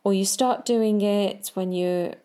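A woman coaching riders in a podcast, speaking slowly and calmly. Her voice is mellow and warm, and her advice is measured and direct. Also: mid-range voice, clear, resonant tone. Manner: calm, measured coaching, talking straight to the listener. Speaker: riding coach.

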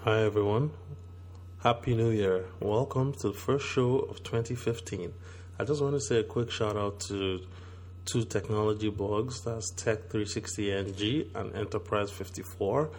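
A man's voice: lowish voice, normal speed, a little mellow. Man with a sore throat hosting a podcast. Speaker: podcast host. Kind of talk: casual podcast talk.

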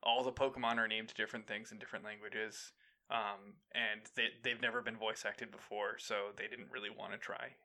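Man with a very bright, sharp voice. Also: fairly low pitch, level tone, brisk. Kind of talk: casual chat.

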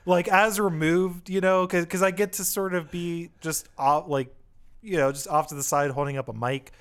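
A man's voice: on the high side, fairly even intonation, normal speed, a bit bright, clean tone. A young man co-hosting a casual film podcast, rambling and often restarting his sentences. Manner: rambling, self-interrupting. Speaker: podcast co-host.

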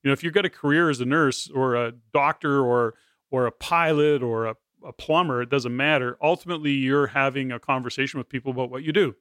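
A man with a bright, forceful voice hosts a podcast in long, winding turns that loop back and restart. He sounds close and dry, with no room around him. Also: mid-range voice, a little fast, clean tone, no room sound. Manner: rambling, with many restarts. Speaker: podcast host. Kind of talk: conversational podcast interviewing.

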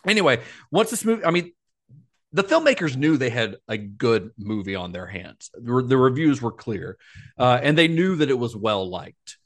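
A man's voice: medium pitch, animated, normal speed. A man co-hosting a podcast, retelling film history in a casual, informative way with asides. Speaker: podcast co-host.

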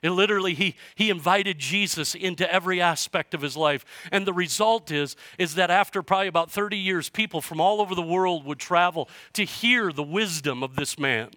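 Bright, passionate male pastor preaching. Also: high voice, fairly quick, hardly any pauses, no echo, studio quality. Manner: passionate preaching, swinging from hushed to loud. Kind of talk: sermon. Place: church sanctuary.

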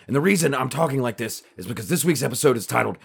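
A man's voice: mid-range voice, lively intonation, very fast, gravelly, slightly rough. Man doing a blustery radio ranter: Southern US accent, choppy stop-start bursts, arms flailing. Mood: blustering. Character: blustering middle-aged male talk-radio ranter.

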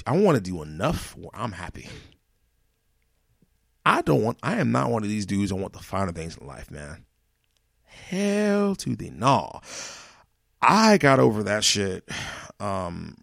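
A man's voice: fairly low pitch, vocal fry, a bit bright, no echo, clean studio sound. A man hosting his own podcast, ranting alone in a profane, exasperated way with many restarts. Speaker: podcast host. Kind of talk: solo ranting monologue.

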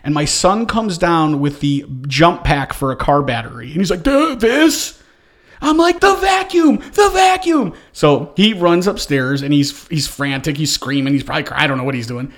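A middle-aged man talks in a fairly high voice, as a podcast host in casual chat from a home basement studio. He tells the story with energy and acts out his own shouting in a loud, lively way. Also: fairly quick, few pauses.

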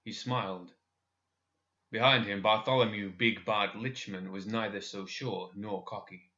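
A man narrating a dark fantasy story in a measured, expressive audiobook style. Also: on the low side, dull audio.

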